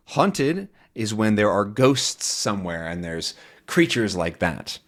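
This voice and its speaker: A man's voice: fairly low pitch, very animated, unhurried. A man teaching English to learners by reading a comic aloud and explaining its words in plain language.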